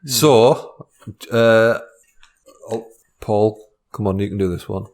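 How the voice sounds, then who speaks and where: Dry, slow-talking man with wry asides. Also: on the low side, a little mellow. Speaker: co-host. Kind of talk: comedy podcast banter.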